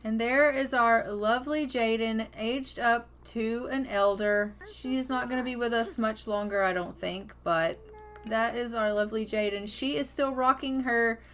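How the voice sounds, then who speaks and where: A woman's voice: fairly high pitch, unhurried, a bit bright, a little hiss or hum. Chatty woman narrating gameplay. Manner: chatty, cheerful, narrates with put-on character voices. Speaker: gaming video host. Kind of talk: casual gameplay commentary.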